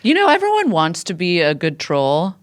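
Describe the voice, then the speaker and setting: A woman's voice: on the low side, wildly swooping pitch, normal speed. A woman co-hosting a podcast in casual chat, wry and blunt with a sardonic edge. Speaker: podcast co-host.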